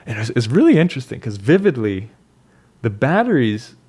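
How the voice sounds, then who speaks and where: A man's voice: mid-range voice, sing-song, brisk, a little mellow, breathy edge. A young man talking casually and reflectively about his life, rambling with restarts and fillers. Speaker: vlogger. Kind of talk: casual personal monologue.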